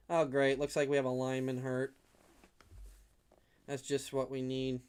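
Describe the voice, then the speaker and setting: A man's voice: mid-range voice, completely flat delivery, slow pace, clear, resonant tone. A young man giving casual fan play-by-play on a livestream from his room at home, rambling and prone to getting worked up. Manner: rambling, gets worked up and shouts at big hits.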